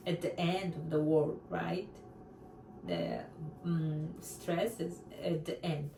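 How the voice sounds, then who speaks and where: Woman language teacher, unhurried and deliberate, repeats example words, distant from the mic, echoey room. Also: lowish voice, lively intonation, gravelly, a little mellow, a little hiss or hum. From Central Asia. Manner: careful, repeats each example word twice. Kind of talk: online language lesson. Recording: roomy echo, voice from away from the mic.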